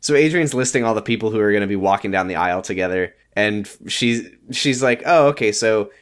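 A man's voice: lowish voice, brisk. A man co-hosting a casual podcast, recapping a show from his notes with a throaty voice. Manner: reads from notes, acts out characters' lines. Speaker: podcast co-host.

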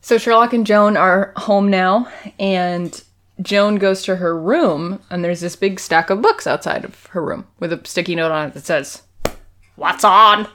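A woman co-hosting a chatty podcast, recapping an episode scene by scene. She acts out the characters' lines as she goes and giggles often. Her voice sits a little low. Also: normal speed. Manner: animated retelling, acts out quotes, giggly. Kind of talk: casual chat.

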